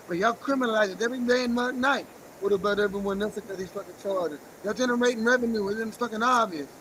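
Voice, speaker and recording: A man's voice: high-pitched, a bit bright, a little hiss or hum, poor audio. A man livestreaming, half-rapping and half-ranting in an agitated, profane, defiant freestyle. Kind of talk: freestyle rap and rant on a livestream.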